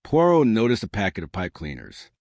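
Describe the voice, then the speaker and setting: A man narrating an audiobook in a measured reading style. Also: lowish voice, wildly swooping pitch, darkish tone, no echo, studio quality. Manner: measured reading, giving characters their own voices. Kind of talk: scripted narration.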